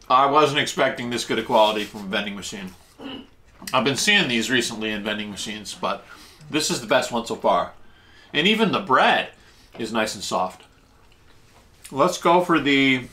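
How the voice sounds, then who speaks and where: A man hosting a casual food vlog, tasting dishes and explaining Japanese food words as he eats, talking with his mouth full. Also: slight background noise. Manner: eats while talking, with lively jumps in pitch.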